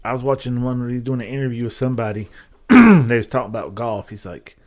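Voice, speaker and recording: A man's voice: medium pitch, lively intonation, fast talker, a little mellow. A man co-hosting a podcast in casual chat, telling stories with animation. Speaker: podcast co-host.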